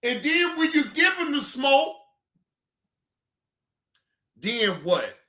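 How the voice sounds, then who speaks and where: A livestream reaction host ranting at a viewer in the chat, profane and heated, often breaking into shouts and repeating dismissive goodbyes. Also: high voice, big pitch swings, slow pace. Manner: repetitive dismissive sign-offs.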